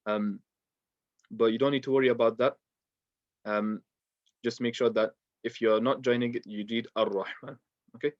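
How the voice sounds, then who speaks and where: A man's voice: medium pitch, steady tone, normal speed, long pauses, no echo, dull audio. Patient male tajweed teacher. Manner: patient, explains step by step with many fillers. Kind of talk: online lesson.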